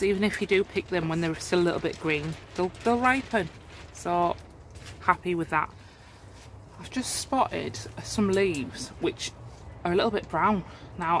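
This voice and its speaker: Excitable gardener, chatty and exclaiming. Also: mid-range voice, a little hiss or hum. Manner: chatty, exclamatory, easily amazed. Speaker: home gardener vlogger. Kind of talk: casual vlog walkthrough. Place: inside a warm garden polytunnel.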